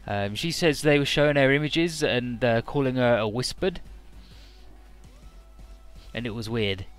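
A man's voice: medium pitch, unhurried, clear, resonant tone, soft background music. A man casually narrating a video game playthrough, loose and rambling, with lots of fillers and the odd swear word. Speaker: let's play commentator.

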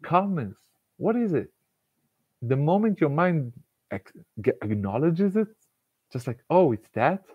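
A man, giving a casual, animated self-help talk and laughing often between thoughts. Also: on the high side, slightly rough, dry recording, phone-quality sound. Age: 40s. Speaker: motivational speaker.

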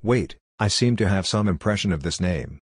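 A man's voice: sits low, expressive, normal speed, breathy edge, no room sound, clean studio sound. A man voicing a wary male middle-rank demon who mutters to himself, in an audiobook. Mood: grumbling.

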